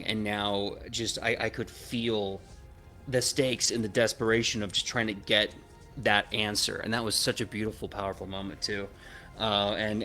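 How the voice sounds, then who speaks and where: A man's voice: lowish voice, a bit bright. A man player giving thanks after a tabletop game, enthusiastic and peppered with "uh" fillers. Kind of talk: post-game wrap-up chat.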